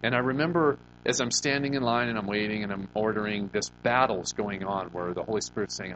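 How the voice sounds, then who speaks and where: A man's voice: on the low side, a little fast, few pauses, dull audio, background noise. Man preaching a conversational sermon. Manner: conversational storytelling, rhetorical questions, frequent restarts. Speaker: pastor.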